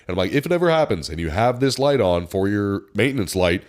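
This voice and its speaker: A young man co-hosting a podcast, telling a workplace story in a lively way and acting out the customer's lines. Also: lowish voice, fast. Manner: animated anecdote teller, acts out customer lines. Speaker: podcast co-host. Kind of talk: casual storytelling chat.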